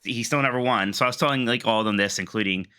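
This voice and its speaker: A man's voice: medium pitch, fast talker, sharp tone, clear, resonant tone. A man co-hosting a casual gaming show, telling a long story in a chatty way with dry quips. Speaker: co-host.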